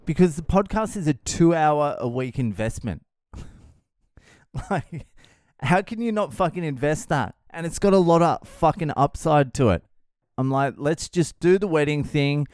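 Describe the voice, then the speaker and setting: A man's voice: fairly high pitch, animated, a little slow, a little mellow, smooth, no room sound, clean studio sound. An Australian man hosting a podcast, delivering a profane, exasperated solo rant. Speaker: podcast host.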